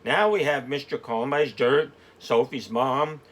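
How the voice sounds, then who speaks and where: A man reading a storybook aloud, putting on the voice of an eager, excitable young girl. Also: medium pitch, a little slow. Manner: eager, giggly.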